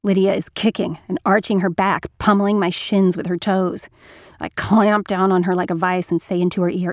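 A woman's voice: fairly low pitch, little pitch movement, moderate pace, no room sound, clean studio sound. Woman reading a wry first-person story. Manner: wry, intimate, builds to bursts of anger. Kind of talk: first-person literary narration.

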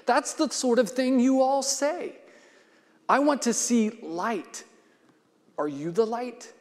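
A man's voice: very high voice, slow, a little mellow, voice pushed up, full character voice. A man voicing a frustrated young man, newly given sight after a lifetime of blindness, who keeps pressing his questions. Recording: long hall reverb.

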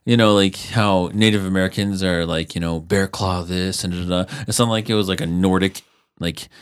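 A man co-hosting a podcast in casual chat, joking and acting out quick skits. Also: low-pitched, fairly even intonation, clear, resonant tone. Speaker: podcast co-host.

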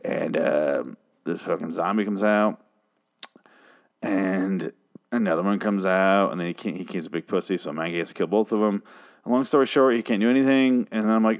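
A man's voice: low-pitched, fairly even intonation, normal speed. A man casually recapping a TV episode, rambling, sarcastic and profane, with frequent asides and restarts. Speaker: show recap host.

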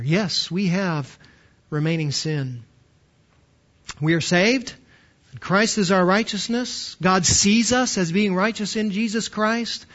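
High-voiced man preaching emphatically. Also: a bit bright, highs cut off. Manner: emphatic, with rhetorical questions and slowed stresses. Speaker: pastor. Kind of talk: sermon.

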